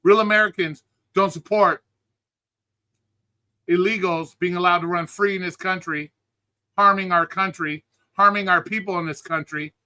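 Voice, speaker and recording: Sharp-voiced man ranting angrily. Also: high-pitched, fairly even intonation, moderate pace, long pauses, clean tone. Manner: angry, heated, swearing constantly; greets live chat viewers between rants. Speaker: livestream host. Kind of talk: profane political rant on a live stream.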